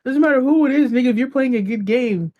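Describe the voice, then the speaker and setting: A man's voice: extremely high pitch, fast talker, muffled recording. A young man co-hosting a podcast, laid-back and teasing in casual chat, swearing casually. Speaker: podcast co-host.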